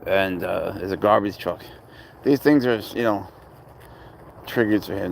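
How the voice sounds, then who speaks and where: Outdoors in a park where traffic can be heard, a tired vlogger loosely chats about his cat in an easygoing, rambling manner. The voice sits low and creaky, moves a little slowly, and carries slight background noise.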